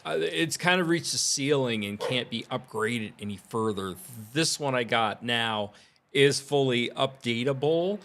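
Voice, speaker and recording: A tech vlogger rambles casually about audio gear and his plans, filling the chat with fillers and easy laughter. His medium-pitched voice is unhurried and fairly bright, with slight background noise.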